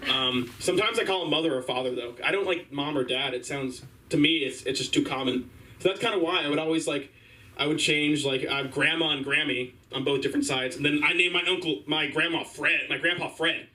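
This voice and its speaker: A young man doing a rambling open-mic stand-up set, halting and full of fillers. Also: a little high, sharp tone. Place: small comedy stage. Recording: distant mic, faint room noise.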